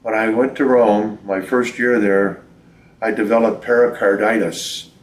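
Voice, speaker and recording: A man's voice: fairly low pitch, unhurried. An older man, a priest, telling reflective stories in a folksy way during an interview at his home. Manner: reflective, folksy storyteller, quotes people in lively voices. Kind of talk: storytelling in a recorded interview. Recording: roomy, distant from the mic.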